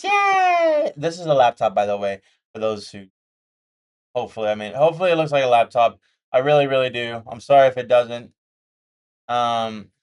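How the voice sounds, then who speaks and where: In a mid-range voice, a day trading vlogger talks candidly and casually while sketching a chart. He repeats key points and tosses in jokey asides.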